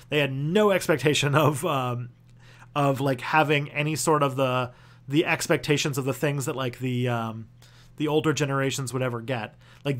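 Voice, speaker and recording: A young man hosting a loose livestream Q&A, his voice sitting a little higher than most men's. He talks in a rambling, halting way, circling back and restarting his sentences, peppering them with "like" and casual swearing. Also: a bit bright. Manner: loose and profane. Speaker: host answering viewer questions.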